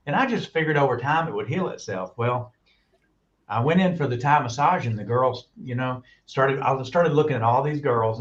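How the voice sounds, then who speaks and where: Lo-fi animated storyteller man. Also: medium pitch. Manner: animated storyteller, acts out quoted voices. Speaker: guest on a talk stream. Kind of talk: casual storytelling. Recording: muffled lo-fi audio.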